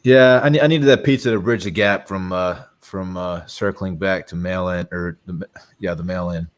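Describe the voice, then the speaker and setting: A man with a low voice trades jokes with friends on a live show. He laughs often and teases the others in loose, casual banter. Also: fairly even intonation, normal speed. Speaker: co-host.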